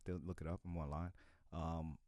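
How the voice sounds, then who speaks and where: A middle-aged man, a comedian guest, talking casually and animatedly on a podcast, now and then breaking into loud impressions. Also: deep voice, level tone, moderate pace, no echo, studio quality.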